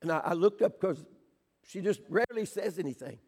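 An older man preaching a sermon in a church, fervent, swinging between shouted pleas and hushed storytelling. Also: high-pitched, lively intonation, a little fast, breathy edge, long reverb tail.

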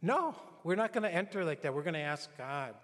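Man, sermon, conversational preacher, church hall reverb, somewhat high voice. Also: sing-song, a little fast, fairly bright tone. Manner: conversational preaching with anecdotes and acted quotes. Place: church sanctuary.

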